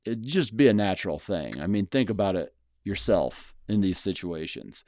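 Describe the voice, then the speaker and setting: Blunt, rambling man with a low voice. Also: animated, moderate pace, a little mellow, no room sound, clean studio sound. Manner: blunt, rambling, many fillers and restarts. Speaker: channel host, house flipper. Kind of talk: casual solo talk to camera.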